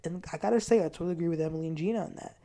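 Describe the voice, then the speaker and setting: Woman, casual reality TV recap, animated storyteller, lowish voice. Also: racing. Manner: animated storytelling, quotes people in a raised voice. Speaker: TV recap host.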